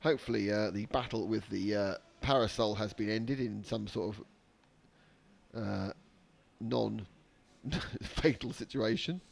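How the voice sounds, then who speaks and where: A man's voice: fairly low pitch, a little slow, gravelly. A man giving live trackside race commentary with dry, sarcastic humor.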